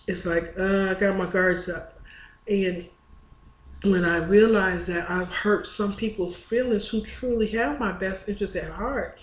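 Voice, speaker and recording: A woman talking to her viewers in a casual, confessional vlog, earnest and candid, often restarting her sentences. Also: medium pitch. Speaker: spiritual vlogger. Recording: echoey room with faint ambience.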